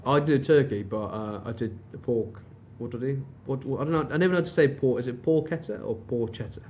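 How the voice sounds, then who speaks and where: A man's voice: mid-range voice, fast talker, darkish tone, slight background noise. A man chatting as a podcast guest over a video call, light and joking. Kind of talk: casual chat.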